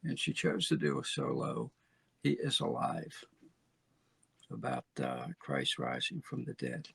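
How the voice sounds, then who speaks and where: Gravelly-voiced male host. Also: very deep voice, huge pitch swings, unhurried, a bit bright, dry recording. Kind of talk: commentary.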